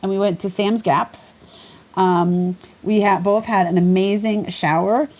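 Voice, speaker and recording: A woman's voice: medium pitch, steady tone, unhurried, darkish tone. A woman hiker chatting casually for her vlog from a lodging room, rambling and laughing easily. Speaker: vlogger hiker. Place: indoor lodging room by a creek.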